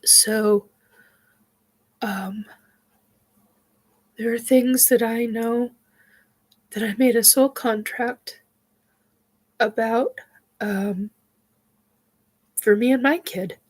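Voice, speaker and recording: A woman hosting a casual spiritual chat, talking in a halting way with many fillers and sighs, her nose stuffed up from crying. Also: fairly high pitch, steady tone, a little mellow, slightly rough. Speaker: host.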